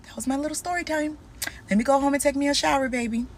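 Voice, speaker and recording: A woman telling a personal story to camera, casual and animated, acting out both sides of a conversation. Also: high-pitched, quick pace, slight background noise. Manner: animated, quotes people in dialogue.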